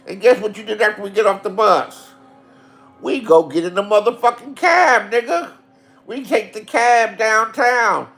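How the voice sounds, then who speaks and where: A middle-aged man telling profane comic stories, animated, with big swings between loud and hushed, repeating lines for punch. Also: sits high, measured pace. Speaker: storyteller. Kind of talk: profane comedic storytelling.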